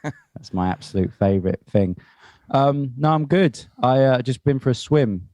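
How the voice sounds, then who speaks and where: A man co-hosting a podcast, telling stories in relaxed casual chat and laughing often. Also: medium pitch, normal speed, no echo. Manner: chatty storyteller, laughs often. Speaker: podcast co-host.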